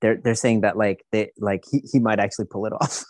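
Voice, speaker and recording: A man's voice: fairly low pitch, fairly even intonation, fairly quick, no echo, clean studio sound. A man in casual podcast chat, rambling and profane, often acting out what other people said.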